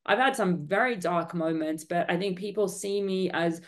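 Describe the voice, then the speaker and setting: Earnest talkative woman, slightly low voice. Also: normal speed. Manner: earnest, talkative, with many fillers. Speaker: entrepreneur guest. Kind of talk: candid storytelling interview.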